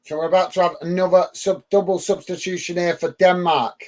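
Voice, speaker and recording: A man's voice: sits high, flat delivery, fairly quick. A man from the UK hosting a live football watch-along, calling the match and chatting casually with viewers, with frequent ums and uhs.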